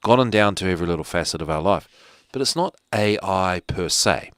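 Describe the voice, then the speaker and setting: A man's voice: low-pitched, expressive, fairly quick, fairly bright tone, clear, resonant tone, no room sound, clean studio sound. A man hosting a live show from home, rambling casually with joking asides. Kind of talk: casual rambling livestream talk.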